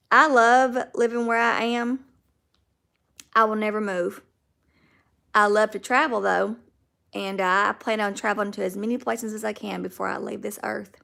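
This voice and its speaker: A Southern woman talking casually on a livestream, greeting her viewers one by one as she chats. Her voice sits a little high and often slips into a gravelly fry. It has the easy, homey feel of a phone-camera stream. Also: fairly bright tone. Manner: chatty, talks to viewers by name. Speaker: livestream host. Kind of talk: casual livestream chat reading viewer comments.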